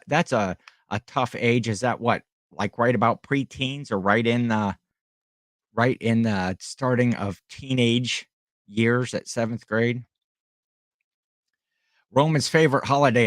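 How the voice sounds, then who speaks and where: A man's voice: mid-range voice, unhurried. This is a man hosting a casual livestream, with an ordinary mid-range voice. He rambles in a friendly way and answers his viewers as he goes. The sound is dry and close, with no room echo. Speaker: livestream host and online reseller.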